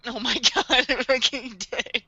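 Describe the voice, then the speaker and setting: A woman hosting a podcast in casual recap chat, animated, laughing often and acting out characters. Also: fairly high pitch, unhurried, creaky, slightly rough, no room sound, dull audio. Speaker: podcast host.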